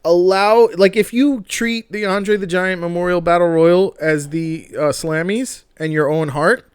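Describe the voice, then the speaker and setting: A man co-hosting a casual wrestling podcast, excitable, swearing often and laughing at his own jokes. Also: high voice, unhurried, smooth, no room sound, clean studio sound. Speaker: podcast co-host.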